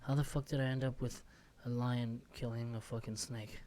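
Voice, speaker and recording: A young man hosting a solo podcast from an office room, rambling in a casual, profane, self-mocking rant with music playing softly behind him. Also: medium pitch, level tone, normal speed. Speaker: podcast host.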